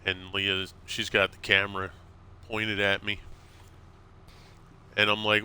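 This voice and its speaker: Bright, smooth-voiced man streaming a game. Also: on the low side, unhurried, long pauses. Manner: animated storyteller, acts out quotes with laughs. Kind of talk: casual gameplay stream chat.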